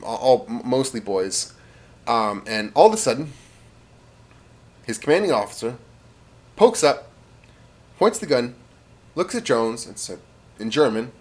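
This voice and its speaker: A man casually telling a rambling comic story, with fillers and spoken sound effects. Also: medium pitch.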